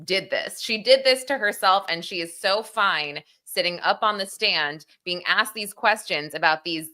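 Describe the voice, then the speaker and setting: A woman hosting a chat show, chiming in with quick, incredulous reactions and asides. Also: medium pitch, pushed and bright. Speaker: show host. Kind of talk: casual chat.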